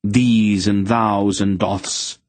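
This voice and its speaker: A sulky, curious teenage boy as a man voices him keeps asking questions in a raised voice. It stays husky and close, with dry audiobook sound. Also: on the low side, moderate pace, a little mellow, dry recording, faint music behind.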